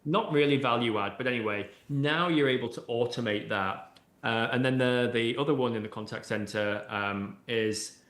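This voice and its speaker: A man's voice: medium pitch, normal speed, few pauses, a bit bright. A man, an AI expert guest on an interview podcast, explaining at length in a conversational way with many "you know"s and "right?"s. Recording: roomy echoey room sound.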